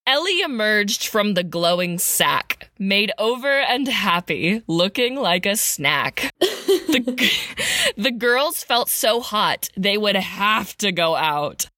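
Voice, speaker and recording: A woman's voice: medium pitch, expressive, takes it slowly, bright, forceful tone, dry recording, studio quality. A woman co-hosting a podcast, reciting a comic holiday poem and chatting, often breaking into giggles. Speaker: podcast co-host.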